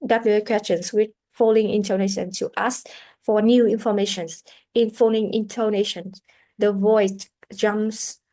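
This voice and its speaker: This is a classroom pronunciation lesson, where a woman methodically explains English sounds and frequently begins her sentences again. She speaks at medium pitch with a dark tone.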